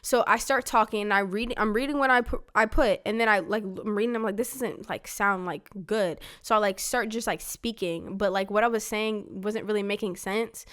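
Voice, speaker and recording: A woman's voice: medium pitch, fairly even intonation, a little fast, few pauses, a bit bright, clean tone. A woman casually telling her life story to her father, peppering her talk with "like" and acting out what people said. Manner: chatty, fills talk with "like", acts out quoted lines.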